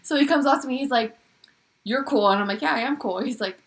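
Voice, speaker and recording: A woman's voice: high-pitched, fast, background noise. A woman co-hosting a pop culture podcast, telling a story in casual chat with lots of swearing and acted-out dialogue. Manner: animated, swearing, acts out dream dialogue. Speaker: podcast co-host.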